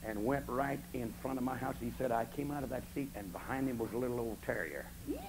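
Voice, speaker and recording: Gravelly folksy old-time preacher. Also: male voice, mid-range voice, fast, very noisy. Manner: folksy storytelling, swings from soft asides to shouting. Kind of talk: camp meeting sermon. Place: camp meeting, outdoors or in a tabernacle.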